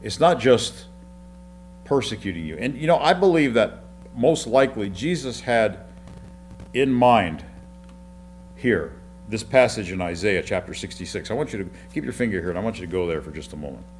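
A man preaches in a lowish voice, walking his listeners through Bible passages. He talks conversationally, often restarting words and asking rhetorical questions. A faint hum sits behind him. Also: animated, normal speed. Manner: repeats and restarts words while explaining. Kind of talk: sermon.

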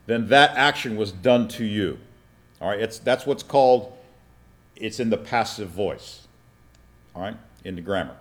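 A pastor gives a teaching sermon in a voice on the low side, posing questions to his congregation and checking they're keeping up with "all right?"

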